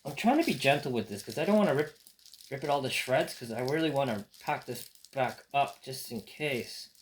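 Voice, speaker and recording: A man's voice: medium pitch, expressive, normal speed, a little hiss or hum. Man rambling through a book unboxing. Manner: rambling, thinking aloud with fillers and restarts. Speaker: book collector. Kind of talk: casual unboxing vlog. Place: in France.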